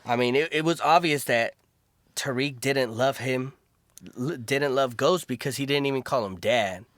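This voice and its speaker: A man's voice: medium pitch, moderate pace, fairly bright tone, no room sound. A man co-hosting a casual podcast, laying out his reasoning step by step. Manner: thoughtful, explaining reasons step by step. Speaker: podcast co-host. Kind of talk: casual chat.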